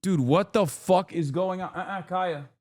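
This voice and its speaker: A man in his thirties with a high, slightly mellow voice speaks at a measured pace, reacting on a live stream to clips and chat. He rants profanely and incredulously, tossing in sarcastic asides. The sound is clean and studio-like with no echo.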